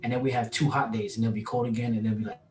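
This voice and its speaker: A man tells stories in slangy, animated casual talk. His voice sounds roomy and set back from the mic. Faint background noise runs beneath it. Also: mid-range voice, rapid-fire, distant mic. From New York. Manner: animated, slangy storytelling with laughs. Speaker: podcast co-host. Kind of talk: casual chat.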